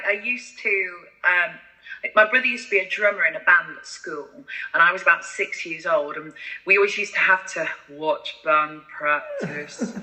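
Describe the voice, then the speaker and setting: A woman with a deep voice, telling animated stories as a podcast guest. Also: rough recording. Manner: animated, acts out voices in anecdotes. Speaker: guest singer-songwriter. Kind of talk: casual interview storytelling.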